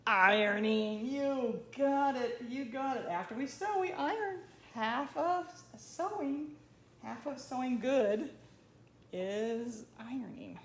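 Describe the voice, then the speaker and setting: A woman's voice: on the high side, reverberant, a little hiss or hum. A woman hosting a casual sewing tutorial at home, chatting to her dog as she works. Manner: chatty, talks to her dog while working. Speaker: sewing channel host.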